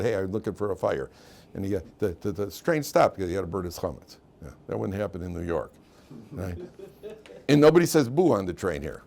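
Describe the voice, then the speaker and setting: A man, a rabbi, teaching a weekly class in an animated storytelling manner, often restarting and repeating words. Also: lowish voice, gravelly. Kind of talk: storytelling lecture. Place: yeshiva classroom.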